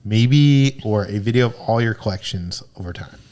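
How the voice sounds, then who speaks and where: A man's voice: fairly low pitch, normal speed, warm tone. A young man co-hosting a casual livestream, chatting easily and reading viewer comments aloud. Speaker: livestream co-host. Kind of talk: casual chat.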